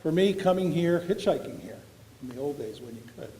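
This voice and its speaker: A man's voice: a little high, expressive, a little fast, dark tone, a little hiss or hum. A man, giving an after-dinner award speech full of folksy, self-deprecating anecdotes. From Philadelphia. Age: 70s. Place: large banquet hall. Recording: echoey banquet hall recording.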